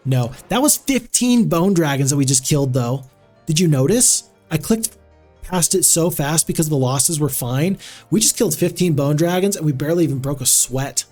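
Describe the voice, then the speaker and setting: A man's voice: fairly high pitch, a little mellow. A man commentating a strategy game on a live stream, chatty and rambling with frequent restarts.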